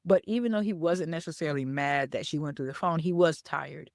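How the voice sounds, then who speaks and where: Speaking a little fast in a deep, darkish voice, this podcast host and business coach teaches by telling a story in a conversational way. She keeps asking "okay?" and "right?" to check on the listener and repeats words to stress them. The sound is dry and studio-clean.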